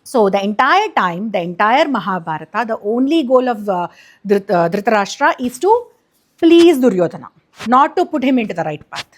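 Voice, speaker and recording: A woman's voice: a little high, big pitch swings, normal speed. A woman casually retelling an epic for kids, chatty and explanatory, with many fillers and restarts. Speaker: storyteller, channel host.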